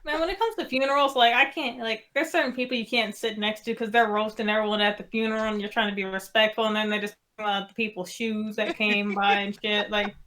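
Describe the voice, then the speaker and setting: A woman's voice: mid-range voice, steady tone, brisk, few pauses, a bit bright. A woman joking around in casual podcast banter, telling teasing bits. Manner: teasing, storytelling.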